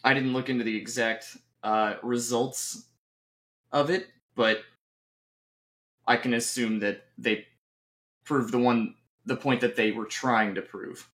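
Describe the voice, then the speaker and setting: A man answering questions as a guest on a live stream, speaking softly and haltingly. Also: medium pitch, fairly even intonation. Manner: soft-spoken and hesitant, with fillers. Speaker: guest caller. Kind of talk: casual debate answers.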